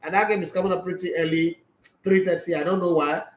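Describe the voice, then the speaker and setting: A man's voice: high-pitched, steady tone, fast talker, reverberant, rough recording. A man hosting a sports show, talking casually through football predictions with teasing rhetorical questions. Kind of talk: casual football preview talk.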